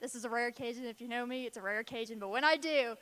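A woman's voice: fairly high pitch, very fast, a bit bright, clean tone, big-room sound. A woman preaching a sermon in an emphatic, conversational way.

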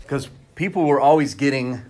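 A man's voice: mid-range voice, lively intonation, moderate pace, warm tone. A man preaching a sermon as pastor at a church service, talking candidly and conversationally to the congregation.

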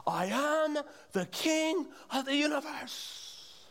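A man putting on the voice of a ranting man who insists he is king of the universe, shouting and drawn out. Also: very high voice, lively intonation, takes it slowly, vocal fry, pitched above the performer's own voice, exaggerated voice.

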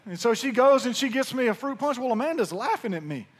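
A man's voice: high-pitched, expressive, a little fast, a little hiss or hum. A man with a Mississippi Southern accent preaching a sermon in a folksy, humorous storytelling way. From Pearl, Mississippi. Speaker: pastor.

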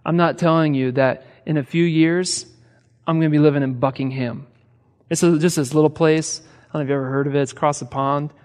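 A man's voice: a little high, steady tone, fairly quick, a little mellow. A man from the American Midwest preaching a sermon as pastor, conversational, with repeated rhetorical questions and touches of humor. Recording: reverberant hall.

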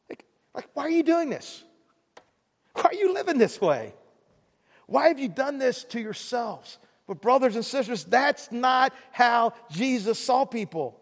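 A man's voice: high voice, big-room sound. A man preaching a sermon in a conversational way, often restarting words and pressing harder on the key points. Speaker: pastor.

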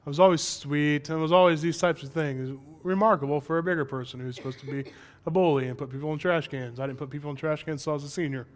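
A young man preaching from the pulpit with a notably high voice. He talks candidly and conversationally, then presses hard on his main points. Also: fairly even intonation, quick pace. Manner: candid, conversational, with rising emphatic passages. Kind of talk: sermon.

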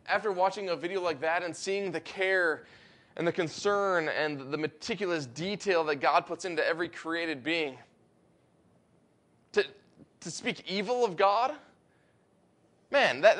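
A man preaching a sermon in an earnest way, rising to emphatic peaks and slowing down to give words weight. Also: sits high, a bit bright. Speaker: pastor.

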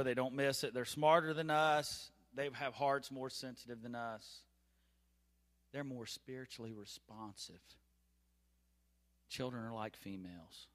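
Man preaching in an echoing church hall. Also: fairly low pitch. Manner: conversational and candid, with restarts and asides. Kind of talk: informal sermon with personal stories. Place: church platform. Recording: long reverb of a large hall.

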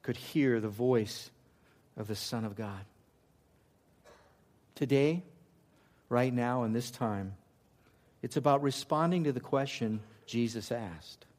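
A man's voice: medium pitch, slow, pauses often. Man preaching a dynamic sermon. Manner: swings from loud emphatic preaching to hushed near-whispers. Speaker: pastor.

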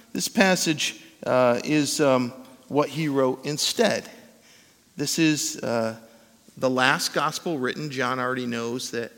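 A man's voice: fairly high pitch, fairly bright tone, big-room sound. A man preaching a sermon in an earnest teaching tone, leaning hard on key words. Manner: earnest teaching tone with emphatic stresses. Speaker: pastor.

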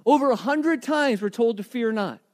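A middle-aged man delivers a sermon in a strikingly high voice. He preaches with animation, often turning to ask the congregation questions directly. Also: expressive, moderate pace. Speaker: pastor.

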